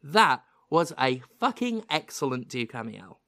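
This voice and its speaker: A man with a British accent that carries a slight American hint, hosting a podcast in animated, self-mocking casual chat. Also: medium pitch, unhurried, no echo. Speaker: podcast host.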